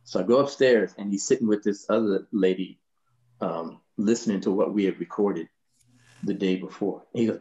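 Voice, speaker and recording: Low-voiced man telling relaxed stories. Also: moderate pace, highs cut off. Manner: relaxed, laughing, lots of "you know". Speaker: bass player telling stories. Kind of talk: anecdotal storytelling in a panel.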